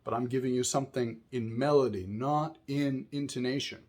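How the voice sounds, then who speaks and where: A man's voice: mid-range voice, fairly even intonation, normal speed, darkish tone. A man teaching a music lesson, explaining patiently and often checking in with "right?", singing short examples between explanations.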